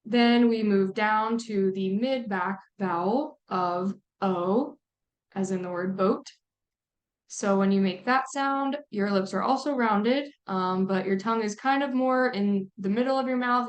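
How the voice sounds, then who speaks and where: A woman at a middle pitch explains vowel sounds in an easygoing lecture. She talks her listeners through each step and fills her pauses with soft ums. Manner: relaxed explaining with frequent ums. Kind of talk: phonetics lecture.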